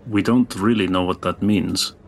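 A man playing a tabletop game, speaking calmly and bluntly in and out of character. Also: deep voice, gravelly, slight background noise. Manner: calm, deliberate and blunt in character. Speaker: player. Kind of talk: tabletop role-play, in and out of character.

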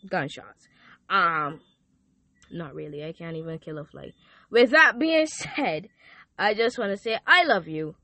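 A young woman hosts a faith podcast for teenagers. Her voice is sharp and bright, and her delivery is lively and a little preachy. The sound is dry and close, with no room echo. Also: fairly low pitch, measured pace, pauses often. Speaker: youth podcast host. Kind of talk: casual podcast chat with prayer.

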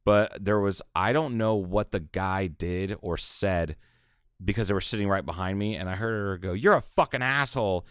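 A man in casual chat, telling bar stories with lots of swearing and animated quotes. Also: low voice, moderate pace, clean tone, no echo, studio quality. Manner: swearing storyteller, animated quoting.

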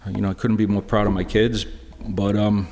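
Halting middle-aged man in echoey church. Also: fairly low pitch, little pitch movement, a little mellow, slight background noise. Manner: halting and earnest, full of restarts. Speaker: lay speaker sharing a personal witness. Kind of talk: personal testimony talk.

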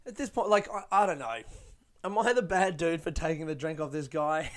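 Young male comedian, sardonic and profane storyteller, clean smooth tone. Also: on the high side, moderate pace, fairly bright tone. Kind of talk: casual comic storytelling.

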